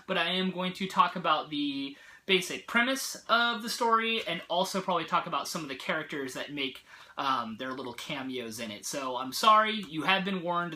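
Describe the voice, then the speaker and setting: A man hosting a casual comic book review vlog, chatty and excited, with lots of fillers. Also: fairly high pitch.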